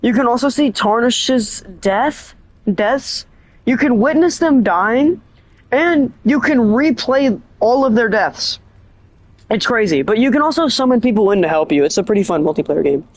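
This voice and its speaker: An excitable streamer rambling about a game, often stopping mid-thought to correct the story. The voice is middle-pitched and animated. The sound is dry, with little room echo. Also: normal speed. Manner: rambling, excitable, keeps restarting and correcting itself; animated storytelling with bursts of laughter. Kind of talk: casual streaming chat.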